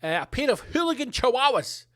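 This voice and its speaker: A man's voice: extremely high pitch, very animated, fairly quick, bright, forceful tone. A middle-aged man hosting a solo podcast, ranting in a sweary, sarcastic way. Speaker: podcast host.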